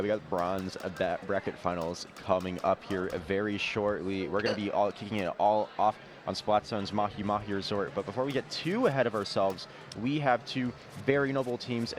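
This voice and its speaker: A man co-commentating a live esports tournament, giving steady analysis and building up hype for the match. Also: lowish voice, normal speed, hardly any pauses. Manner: steady analysis that rises to big hype calls. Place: tournament venue. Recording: noisy live event feed.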